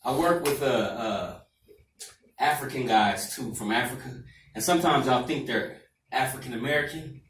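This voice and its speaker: Stand-up comic, mid-pitched man, rambling storyteller, club mic far and roomy. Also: normal speed, a bit bright. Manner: loose, rambling storytelling with asides. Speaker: stand-up comedian. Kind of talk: stand-up set. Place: comedy club stage. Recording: echoey club from far off, faint noise.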